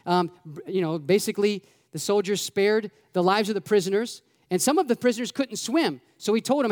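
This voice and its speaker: A male pastor preaching a sermon in an animated, conversational way, full of rhetorical questions. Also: high-pitched, a little fast, few pauses, in a large hall.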